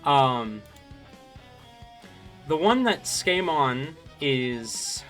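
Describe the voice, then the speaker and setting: A man running a tabletop game as game master, narrating in an unhurried, meandering way. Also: mid-range voice, sing-song, a bit bright, soft background music.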